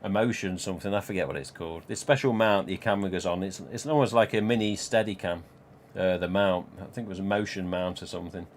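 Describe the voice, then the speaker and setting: Rambling low-voiced man. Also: quick pace, few pauses, slight background noise. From Nottingham, England. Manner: rambling, swears freely, laughs at own jokes. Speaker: live stream host. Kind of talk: casual storytelling chat.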